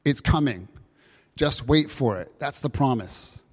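A man preaching a sermon, explaining scripture with lively emphasis and rhetorical questions. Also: mid-range voice, measured pace, slightly rough. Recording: long hall reverb.

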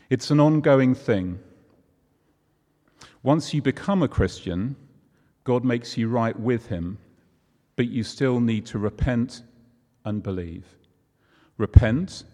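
Preacher in a reverberant hall. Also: male voice, medium pitch, warm tone. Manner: conversational, using props and everyday examples. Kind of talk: sermon. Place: church hall.

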